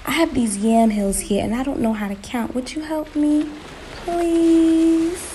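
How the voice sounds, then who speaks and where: A woman's voice: fairly high pitch, brisk, dark tone, pitched above the performer's own voice, close to an everyday voice. A woman voicing a crafty little male spider who talks in a sugary, wheedling way, in a noisy recording. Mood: sugary pleading.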